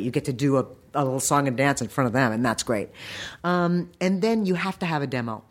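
An animation voice director in their fifties giving practical career advice in an interview, brisk and emphatic. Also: medium pitch.

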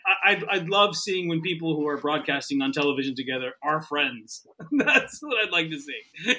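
A man guest on a sports podcast, chatting in a rambling, halting way. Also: on the high side, lively intonation, bright, forceful tone, a little hiss or hum. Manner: rambling, halting, laughs often. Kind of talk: casual chat.

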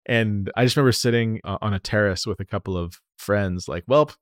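A man from the United States, a company founder, telling stories in an animated, lively way during a casual interview. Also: fairly low pitch, fairly quick, no echo, clean studio sound. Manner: animated, lively storyteller who acts out quotes.

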